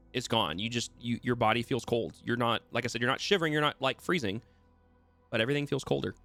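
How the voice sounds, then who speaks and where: A man's voice: mid-range voice, fairly bright tone. A man running a tabletop game as dungeon master, narrating casually with fillers and restarts.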